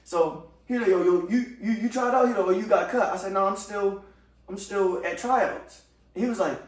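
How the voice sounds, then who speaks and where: A man co-hosting a casual talk, telling stories in a lively, slangy way. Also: high voice, brisk. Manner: lively storyteller, slangy, laughs often. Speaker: podcast co-host. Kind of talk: casual chat, storytelling. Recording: roomy, distant from mic.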